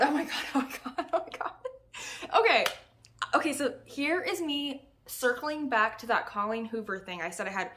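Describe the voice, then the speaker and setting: A young woman giving a casual, animated book review, exasperated and laughing often. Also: fairly high pitch, a little hiss or hum.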